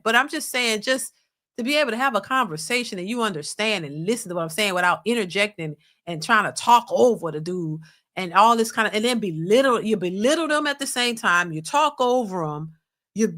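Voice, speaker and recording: A woman reacts to a clip in blunt, exasperated casual commentary. Her voice is a bit high and very bright, and she lectures her viewers as she goes. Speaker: reaction channel host.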